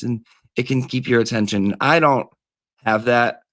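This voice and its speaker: Sassy guy rambling away on a comedy livestream, gossipy and chatty, mid-pitched, playing a teacher. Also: measured pace, a bit bright, dry recording, clean studio sound.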